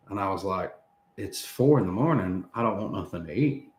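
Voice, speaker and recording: A man's voice: fairly low pitch, normal speed. Man telling a story in a roomy echo. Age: 30s. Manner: animated, laughing between lines, acts out quoted speech. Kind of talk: casual storytelling.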